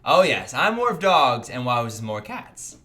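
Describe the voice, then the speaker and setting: Young american guy streaming, chatty and upbeat, reading chat, bright voice. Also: big pitch swings, measured pace. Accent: General American. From United States. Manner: upbeat, jumps in pitch when greeting chatters. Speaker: livestream host. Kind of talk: casual livestream chat reading donations.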